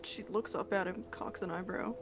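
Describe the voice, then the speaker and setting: A woman's voice: fairly low pitch, fairly even intonation, normal speed, creaky, noisy background. A woman playing a tabletop game, chatting casually and giggling playfully. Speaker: player.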